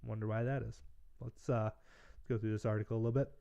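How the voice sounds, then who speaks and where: A man's voice: fairly low pitch, little pitch movement, fast, creaky, warm tone, lo-fi sound. A man hosting a political livestream, talking casually and making sarcastic, mocking asides while reading news aloud. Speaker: political podcast host.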